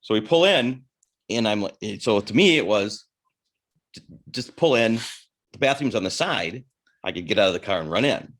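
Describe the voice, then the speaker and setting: A man with a lowish voice that swings widely in pitch, telling a long, crude story in a casual podcast chat. He keeps restarting his sentences. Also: animated, moderate pace, pauses often, fairly bright tone. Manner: rambling, self-interrupting storyteller with crude humor. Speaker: podcast co-host.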